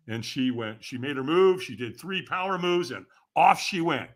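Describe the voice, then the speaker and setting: An older man, a podcast guest, telling stories in a casual interview, animated and often laughing as he talks. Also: a little high, moderate pace, few pauses.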